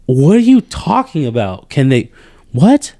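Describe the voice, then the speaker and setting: A man hosting a podcast, venting in an animated, exasperated way with many restarts. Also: mid-range voice, normal speed, dry recording, clean studio sound. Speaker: podcast host. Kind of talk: casual chat.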